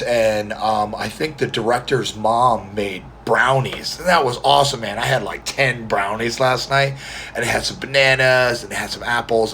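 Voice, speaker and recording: A man with a scratchy, strained voice, chatting quietly and rambling in a casual vlog, filmed on a phone indoors. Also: medium pitch. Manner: talking quietly to spare his voice; rambling, friendly, many fillers and restarts. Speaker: mustache vlogger.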